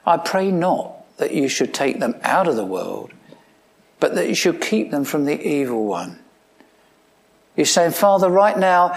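A pastor preaching a sermon in a conversational style, asking his listeners questions, with touches of dry humor and sudden emphatic lines. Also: creaky. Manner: swings between emphatic rising lines and low quiet asides.

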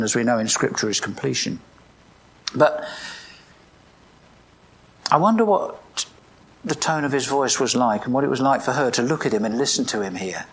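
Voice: mid-range voice, slightly rough. A preacher delivering a morning sermon, reading scripture aloud and asking the congregation questions in a reflective way.

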